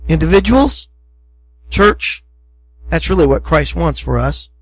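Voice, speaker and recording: A man's voice: fairly high pitch, sing-song, a little slow, poor audio. A middle-aged male pastor preaching a sermon in a conversational, emphatic way, acting out short asides.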